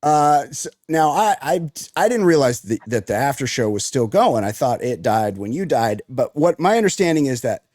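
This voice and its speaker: A man's voice: medium pitch, sing-song, normal speed, hardly any pauses, darkish tone, no echo, clean studio sound. Upbeat joking man hosting a podcast. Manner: upbeat, jokey and rambling. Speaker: podcast host. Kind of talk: casual comedy podcast chat.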